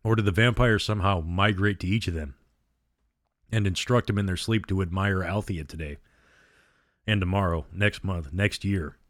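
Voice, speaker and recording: A man's voice: deep voice, moderate pace, a bit bright, dry recording, studio quality. A man reading the part of an anxious teenage girl who muses inwardly, in a storybook reading. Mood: musing.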